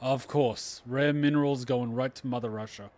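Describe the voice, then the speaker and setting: A man's voice: mid-range voice, steady tone, normal speed, darkish tone. A man commentating a game playthrough, sarcastic and joking, swearing often in exasperation. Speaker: game reaction streamer. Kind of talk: casual gameplay commentary.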